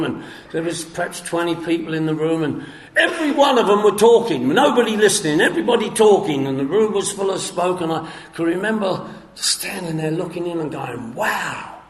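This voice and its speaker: A man telling his story at a recovery meeting, acting out the dialogue with coarse humor and sudden shouts. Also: a little high. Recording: echoey hall with long reverb.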